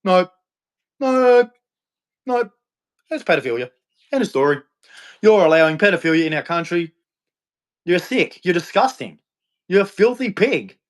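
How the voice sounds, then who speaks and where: High-pitched, heated man ranting. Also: animated, normal speed, pauses often. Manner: heated, accusatory, repetitive, profane. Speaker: livestream host. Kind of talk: angry livestream rant.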